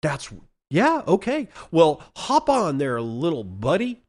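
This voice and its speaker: A man's voice: a little high, wildly swooping pitch, slow, a little mellow, exaggerated voice. A man voicing a gullible, friendly male bullfrog in a fable, naive and hesitant.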